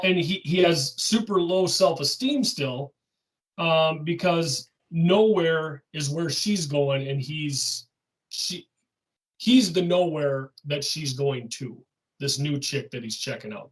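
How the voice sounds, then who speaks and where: A man with a fairly high voice, co-hosting a casual music podcast. He sits a little back from the mic, so he sounds somewhat distant. He talks through the songs one at a time and keeps chiming in with short agreements. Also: takes it slowly. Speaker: podcast co-host. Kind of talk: casual chat.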